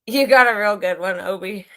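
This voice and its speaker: A woman's voice: medium pitch, pushed and bright. A woman in her forties hosting a casual livestream chat, speaking candidly and emotionally, swearing freely and rambling as she talks to her viewers. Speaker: channel host.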